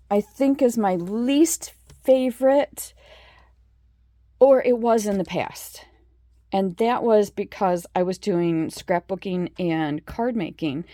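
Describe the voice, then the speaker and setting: A woman's voice: mid-range voice, dark tone, no room sound. A middle-aged woman in a casual craft show-and-tell, chatting with lots of fillers and admiring asides. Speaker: craft vlogger.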